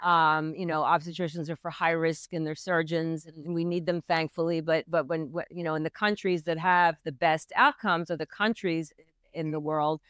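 Smooth-voiced middle-aged woman recounting earnestly. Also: sits low, little pitch movement, moderate pace, a bit bright, no echo, clean studio sound. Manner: earnest, intense retelling of a hard memory. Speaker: midwife guest. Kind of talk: personal storytelling in a podcast interview.

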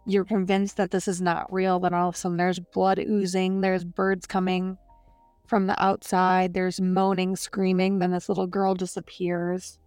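A woman's voice: on the low side, monotone, normal speed, darkish tone, clear, resonant tone, no room sound, faint music behind. A woman co-hosting a podcast, casually summarizing a book with lots of filler "like"s. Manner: chatty, heavy use of "like". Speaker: podcast co-host. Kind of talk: casual book review chat.

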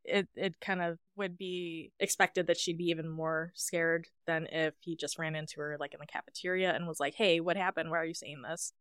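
Woman podcaster, low clear voice, dry close mic, thoughtful. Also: fairly even intonation, normal speed, few pauses, a bit bright, no room sound. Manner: thoughtful, explains with personal examples. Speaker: podcast co-host. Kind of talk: casual recap chat.

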